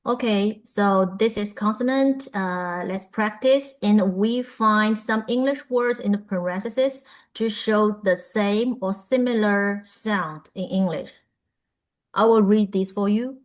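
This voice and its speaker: A woman presenting a pronunciation workshop, reading sound lists aloud with frequent filler pauses. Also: medium pitch.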